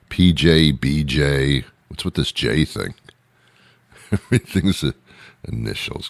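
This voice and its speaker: A man's voice: extremely low pitch, animated, takes it slowly, vocal fry, no room sound. A male show host giving a rambling, sarcastic comedic monologue with mock outrage. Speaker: radio host.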